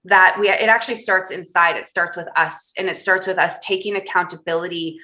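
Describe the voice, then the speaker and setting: A woman's voice: fairly low pitch, fairly even intonation, a little fast, pushed and bright. A woman guest on a podcast interview, telling a personal story candidly and with animation, often laughing through hard memories.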